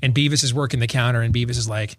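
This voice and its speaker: Very fast and medium in pitch, this male talk show host tells animated stories during casual banter. His delivery is full of stammers and restarts.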